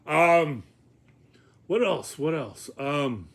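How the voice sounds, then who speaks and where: Man, casual vlog rambling, swears freely, fillers, slightly high voice. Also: animated, drawn-out words. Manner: loose and profane, with many fillers and laughs. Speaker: vlogger.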